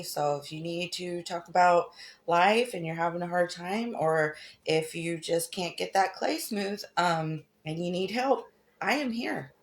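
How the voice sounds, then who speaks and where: Chatty woman hosting a craft stream. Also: lowish voice. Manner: chatty, affectionate, greets viewers by name. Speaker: crafting livestream host. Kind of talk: casual livestream craft demo, greeting viewers.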